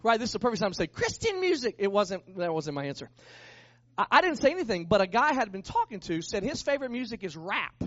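A high-pitched man preaching, telling a story with lots of energy and putting on voices for the people in it. The sound is dry and close, with a slightly dull tone. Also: fast, no room sound. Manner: animated, acts out the people in his story. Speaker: pastor. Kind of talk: storytelling sermon.

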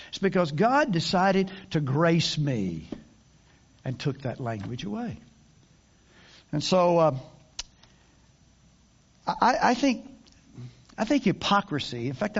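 A man's voice: fairly high pitch, dull audio. An older man preaching a sermon in a folksy, conversational way, with many restarts and asides. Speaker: pastor.

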